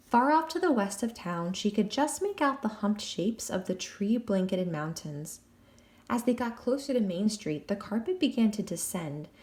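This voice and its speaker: A woman narrating an audiobook in an expressive storytelling voice. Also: mid-range voice. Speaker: audiobook reader.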